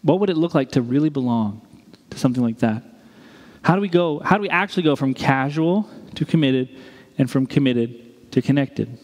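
A male pastor preaching a sermon in a lively way, with joking asides and acted-out quotes. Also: medium pitch, normal speed. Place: church sanctuary. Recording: long reverb of a large church hall.

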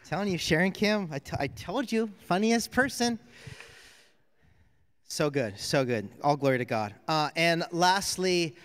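A man's voice: fairly high pitch, lively intonation, a little slow, a bit bright, smooth. Man emceeing a church service.

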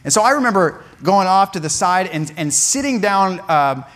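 A man preaching, telling a funny childhood story with lively asides and laughter. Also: sits high, moderate pace. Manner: animated, laughing at his own story. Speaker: pastor. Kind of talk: sermon storytelling. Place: church sanctuary.

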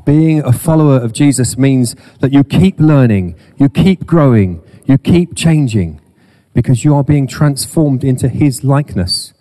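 Warm-toned man preaching a lively sermon. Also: mid-range voice, a little slow. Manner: humorous, self-deprecating asides. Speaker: pastor. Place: church.

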